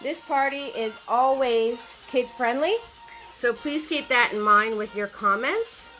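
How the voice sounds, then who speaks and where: A woman's voice: on the high side, unhurried, pushed and bright, soft background music. A woman running a live-stream painting class, chatty and often laughing, greeting her viewers by name in a sing-song voice. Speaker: painting instructor.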